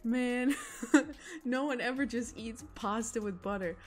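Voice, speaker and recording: A woman's voice: fairly high pitch, takes it slowly. A young woman chatting casually with her chat while she draws, giggling often and rambling about food. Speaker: illustrator streaming live drawing.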